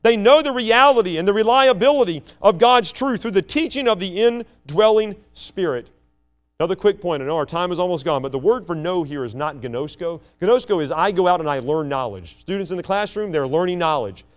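A man preaching a teaching sermon, emphatic, swinging between loud stresses and quiet asides. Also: high voice, expressive, brisk. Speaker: pastor.

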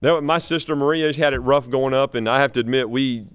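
A man, preaching a sermon that moves between soaring exhortation and low, chatty family stories. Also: fast talker, clear, resonant tone. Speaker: pastor.

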